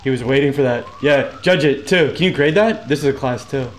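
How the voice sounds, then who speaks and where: Excitable swearing male game streamer. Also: mid-range voice, a little fast, background noise. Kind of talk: live gameplay commentary.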